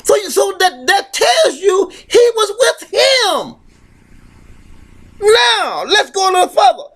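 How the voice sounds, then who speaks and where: A man preaching a fiery sermon, reading scripture aloud and shouting emphatic points, often restarting his phrases. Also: very high voice, big pitch swings, slow.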